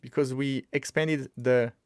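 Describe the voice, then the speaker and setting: A man talks his way through a casual live coding stream, chatty and quick to get excited. He thinks out loud, often restarting his sentences. His voice sits at an ordinary pitch and sounds dry, with no room around it. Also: smooth, no room sound. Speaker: streamer teaching web development.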